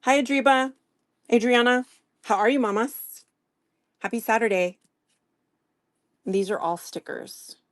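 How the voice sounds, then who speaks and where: A woman's voice: fairly high pitch, a little slow, long pauses, dry recording. A woman hosting a casual live-stream sale, chatting and greeting viewers by name as she shows items.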